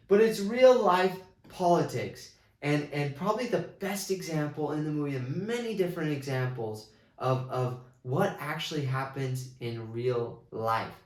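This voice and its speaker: A man giving a casual movie review, rambling with many restarts and excited retellings. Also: medium pitch, echoey room.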